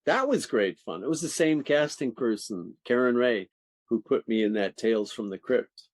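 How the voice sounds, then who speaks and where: An older man, an actor, telling stories from his career in an interview, animated and laughing often. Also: mid-range voice, moderate pace, no echo. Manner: animated, laughing, restarts sentences. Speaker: actor guest. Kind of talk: interview storytelling.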